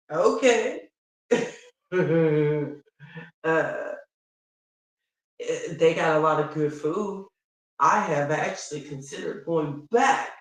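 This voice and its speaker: Woman from Chicago, casual vlog chat, animated storyteller, slow unhurried delivery, recorded at a distance. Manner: animated storytelling, quick pitch swings, laughs often. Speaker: vlogger. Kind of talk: casual chat reading viewer comments. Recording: roomy and distant from the mic.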